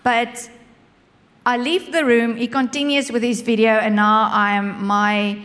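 High-voiced woman laughing through a story. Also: unhurried. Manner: expressive, laughs often. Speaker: speaker sharing a marriage story. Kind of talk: humorous storytelling to an audience. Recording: echoey hall.

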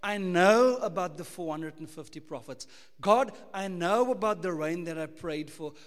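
A man's voice: sits high, moderate pace, natural voice. A man voicing a desperate, self-pitying male prophet who insistently pleads and demands to be heard, with long hall reverb. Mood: pleading. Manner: insistent, demanding, repeatedly calling out to God.

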